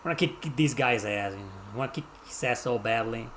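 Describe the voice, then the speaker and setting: A man's voice: mid-range voice, quick pace, fairly bright tone, a little hiss or hum. A man from Mexico with a Mexican accent streaming a game live, chatting casually and teasing the characters on screen. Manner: casual, joking, teases the game's characters. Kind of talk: live gameplay commentary.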